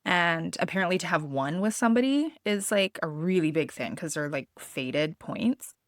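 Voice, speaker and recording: A woman podcast host telling a personal story in a candid, expressive way, swearing freely. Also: on the low side, normal speed, no echo, clean studio sound.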